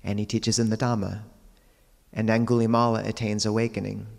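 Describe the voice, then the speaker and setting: A man, a Buddhist monk, giving a dharma talk, telling teaching stories in a calm, measured way with quiet pauses. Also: fairly low pitch, gravelly, in a large hall.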